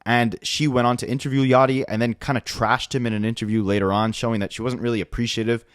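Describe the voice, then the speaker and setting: A man hosting a casual rap commentary, talking in an animated, incredulous way full of fillers. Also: mid-range voice, fast, clear, resonant tone, no echo, studio quality.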